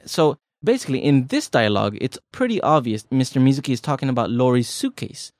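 Co-hosting a language lesson podcast, a man explains grammar in a laid-back, chatty, joking way. His mid-range voice is expressive, a little mellow and slightly fast, captured in clean studio quality with no room sound.

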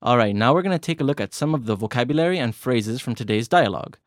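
Male podcast host, mid-pitched, chatty and joking, dry studio sound. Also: lively intonation, quick pace, dry recording. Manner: chatty, self-correcting, joking. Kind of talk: casual language lesson.

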